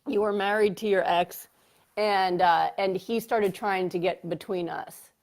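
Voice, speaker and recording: A woman psychiatrist talks as a guest in a relaxed interview. Her voice sits in a middle pitch, and she tells her stories animatedly, full of fillers, swinging up into laughter. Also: a little slow. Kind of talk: casual interview storytelling.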